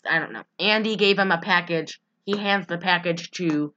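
A woman's voice: on the low side, normal speed, pushed and bright, highs cut off. Giggly woman rambling through a plot. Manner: rambling, giggly, quotes characters in put-on voices. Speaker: podcast co-host recapping a movie. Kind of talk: casual chat.

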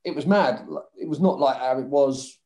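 Here a former footballer, speaking at normal speed in a medium-pitched, darkish voice, recounts rowdy tales of his football days during a relaxed conversation. He curses a lot, laughs frequently, and imitates other people.

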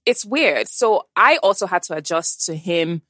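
A woman's voice: fairly low pitch, a little slow, no room sound. A woman in casual chat, talking about motherhood and acting out quotes as she tells her stories. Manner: animated storyteller, acts out quotes. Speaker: guest.

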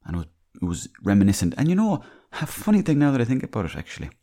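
A man's voice: medium pitch, wildly swooping pitch, very fast, warm tone. An Irish man hosting a podcast, telling rambling, salty anecdotes in a casual monologue. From Ireland. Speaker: podcast host.

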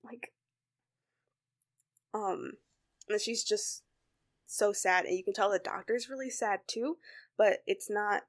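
A woman's voice: mid-range voice, slow pace, long pauses. A woman casually retelling a TV episode with lots of fillers. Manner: animated retelling with many fillers. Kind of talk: casual chat.

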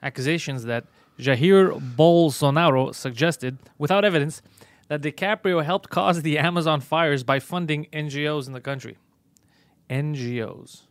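A man's voice: on the high side, normal speed, no room sound. A man hosting a comedic live stream, joking and emphatic as he chats with a co-host and greets viewers.

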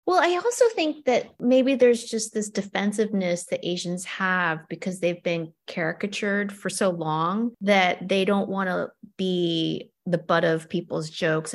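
A middle-aged woman, an actor and cartoonist, talking casually as an interview guest and telling animated stories. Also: fairly low pitch, a little slow, few pauses. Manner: animated storytelling with quoted asides.

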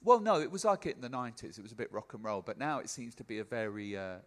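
A man's voice: mid-range voice, expressive, quick pace. Casting note: man podcast host, playful, curious questioner. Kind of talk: casual interview chat.

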